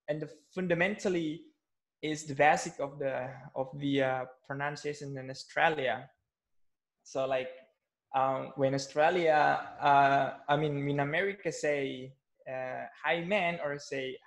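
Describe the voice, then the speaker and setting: A man with an Indonesian accent, a non-native English speaker, teaching an English lesson in a halting way with many fillers and restarts. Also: fairly high pitch, creaky. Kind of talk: casual spoken English lesson.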